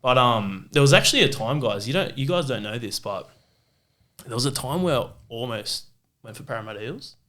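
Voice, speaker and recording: A man's voice: medium pitch, lively intonation, fairly quick, a bit bright. A young Australian man hosting a fan podcast, chatting casually and telling stories with a laugh. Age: young adult. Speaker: podcast host. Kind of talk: casual chat.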